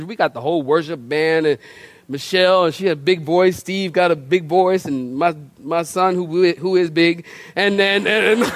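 A middle-aged male pastor delivers an animated, humorous sermon, pitched high and swooping with lively expression. He tells stories with lots of repeated words and restarts. The sound is dry and close, with little room echo. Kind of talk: storytelling sermon. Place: church.

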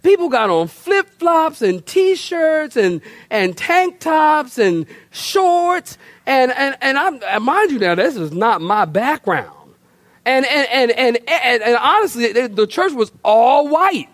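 A middle-aged male pastor delivers an animated, humorous sermon, pitched high and swooping with lively expression. He tells stories with lots of repeated words and restarts. The sound is dry and close, with little room echo. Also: slow pace. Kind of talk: storytelling sermon. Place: church.

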